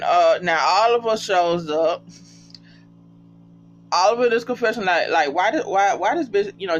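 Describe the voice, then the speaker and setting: A casual reality TV recapper talking straight to viewers, often breaking into high, cracking laughter. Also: a bit bright. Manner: chatty, addresses viewers as y'all. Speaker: TV show recapper. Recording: dull lo-fi sound with faint hum.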